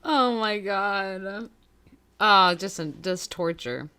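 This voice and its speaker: Bright-voiced woman recapping, rambling and emotional. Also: mid-range voice, very slow, clean tone. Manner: emotional, rambling, swears freely. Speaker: podcast co-host. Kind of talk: casual recap chat.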